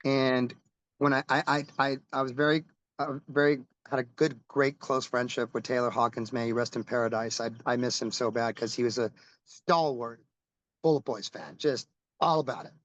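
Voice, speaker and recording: A man's voice: medium pitch, fairly even intonation, moderate pace, dry recording, highs cut off. A middle-aged man, a rock musician, telling stories in a casual interview, rambling and restarting as he goes and swearing casually.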